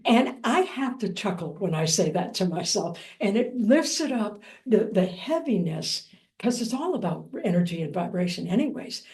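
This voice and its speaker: A woman teaching Buddhist practice in a dharma talk, gentle and reflective with a light playful touch. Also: mid-range voice, sing-song, moderate pace.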